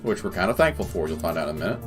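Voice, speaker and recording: A man's voice: deep voice, sing-song, very fast, a bit bright, faint music behind. Chatty male let's-play host. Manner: rambling and chatty, full of fillers. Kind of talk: casual gameplay commentary, reading game text aloud.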